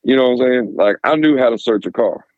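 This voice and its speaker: A middle-aged man, a former police officer, telling stories casually in a podcast interview, animated and cursing freely. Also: medium pitch, fast talker, no room sound, narrow, tinny audio. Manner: animated, swears freely, acts out quoted voices.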